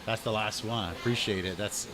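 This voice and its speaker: A man hosting a casual podcast in a restaurant, talking in a relaxed, enthusiastic way and often repeating words as he stammers. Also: lowish voice, brisk, a crowd in the background. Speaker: podcast host. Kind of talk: casual chat.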